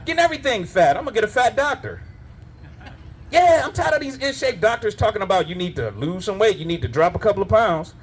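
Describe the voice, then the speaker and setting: A man's voice: sits high, animated, quick pace, breathy edge. A male stand-up comedian doing a live set, telling loose, profane stories full of asides. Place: live comedy show at a winery.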